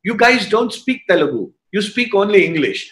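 A revered old spiritual master speaks with gentle authority and a fairly high, light voice, as a storyteller puts him on. He sounds playful and commanding at once. The room around him rings noticeably. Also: very animated, moderate pace, reverberant. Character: revered elderly male spiritual teacher.

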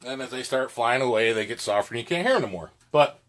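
A man's voice: mid-range voice, lively intonation, fast, very noisy. A man giving a casual lesson on goose calling, plainspoken and folksy, with plenty of filler words. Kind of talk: casual instructional talk.

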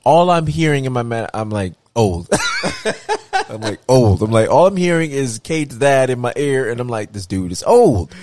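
A man's voice: mid-range voice, very animated, measured pace, darkish tone. A man in his thirties co-hosting a podcast, telling stories in casual chat and mimicking people in raised voices. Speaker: podcast co-host.

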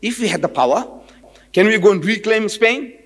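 A man telling a personal story in a lecture, animated and rhetorical, retelling conversations. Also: high-pitched, moderate pace, slightly rough, poor audio. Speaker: public speaker.

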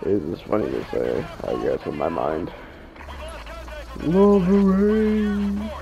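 A young man giving casual gameplay commentary from his room, swearing and getting easily annoyed, with sudden excited outbursts. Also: a bass voice, moderate pace, creaky, dull audio. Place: home room, over game audio. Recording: game music loud behind voice.

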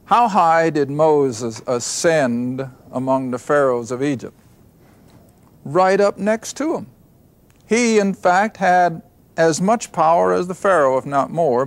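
A man's voice: fairly high pitch, expressive, slow pace, gravelly, no echo. A man teaching a Bible study, reading verses aloud and explaining them, often asking questions and answering them himself. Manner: reads scripture aloud then explains.

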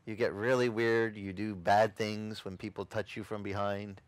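A man's voice: on the low side, level tone, moderate pace, no room sound. A man preaching, a pastor telling a testimony in a dramatic, storytelling way and acting out the scenes he describes. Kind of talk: testimony sermon. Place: outdoor beach service.

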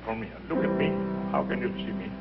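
A man's voice: lowish voice, a little fast, loud music behind the voice. An older man with an Italian accent, leading an opera workshop in English as a non-native speaker, acting out scenes and voices as he teaches. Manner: animated, acts out scenes and voices while teaching. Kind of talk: teaching and storytelling. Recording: dull lo-fi archival recording with faint noise.

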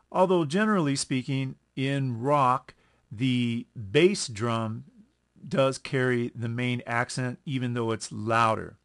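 Slow-talking male music teacher. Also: medium pitch, creaky, a bit bright. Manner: slow, explanatory, self-correcting, counts beats aloud. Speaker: music instructor. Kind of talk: screen-recorded music lesson.

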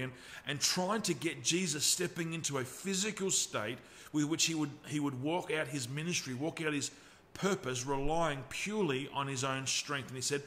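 Earnest Australian pastor, fairly high voice. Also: male voice, fairly bright tone. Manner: earnest, slows right down on key phrases. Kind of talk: sermon. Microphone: livestream camera mic.

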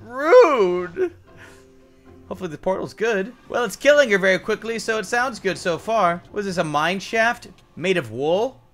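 A woman's voice: medium pitch, fairly quick, few pauses, a bit bright, faint music behind. A woman giving sarcastic, exasperated commentary on her Minecraft game and complaining to her partner. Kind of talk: scripted gameplay commentary with a partner.

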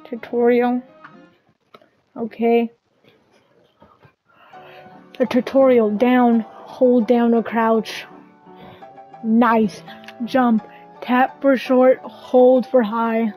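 Slow, flat-voiced woman gamer. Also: a little high, muffled recording, soft background music. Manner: slow, even reading with wry asides. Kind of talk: reading a game storybook and tutorial aloud.

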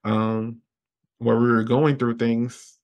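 Man retelling a story, rambling and animated. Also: slow, highs cut off. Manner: animated, jumps high when quoting others; loose, rambling with fillers. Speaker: podcast guest. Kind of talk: casual interview storytelling.

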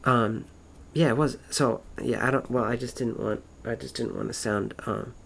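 A man's voice: mid-range voice, steady tone, moderate pace, gravelly, a bit bright, a little hiss or hum. A man rambling through a casual monologue, swearing constantly, wandering between thoughts and trailing off mid-sentence. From Florida.

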